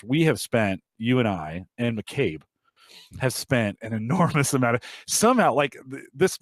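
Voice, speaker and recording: Low-voiced chatty podcast host. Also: male voice, dry recording. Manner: rambling, chatty, frequent restarts. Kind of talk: casual podcast chat.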